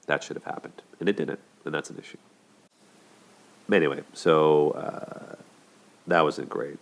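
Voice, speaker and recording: Very deep-voiced man breaking down relationships. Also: steady tone, a little slow, gravelly, long pauses. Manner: conversational, acts out quotes in higher voices. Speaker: host of a relationship commentary show. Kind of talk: casual commentary on a cartoon.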